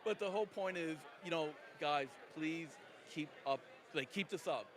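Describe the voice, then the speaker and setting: A man's voice: fairly high pitch, moderate pace. A man interviewing guests at a convention, rambling loosely and laughing often. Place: convention lounge.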